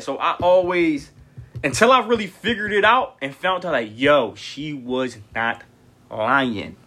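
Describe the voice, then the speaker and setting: A young man hosting a podcast, telling stories in a blunt, profane, animated way. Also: fairly high pitch, moderate pace. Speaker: podcast host. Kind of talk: casual storytelling monologue.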